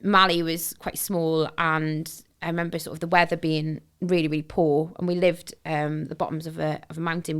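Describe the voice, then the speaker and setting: A woman, telling a personal story as a podcast guest. Her voice sits somewhat low yet sounds bright and clear. She talks in a candid, reflective way, full of "sort of" and "you know". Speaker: podcast guest, charity founder.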